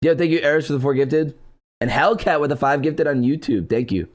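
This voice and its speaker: Fresh out of bed, a young streamer talks to his live audience in a congested voice on the high side, speaking fairly quickly. He stays laid-back, replying to chat and thanking people who donate.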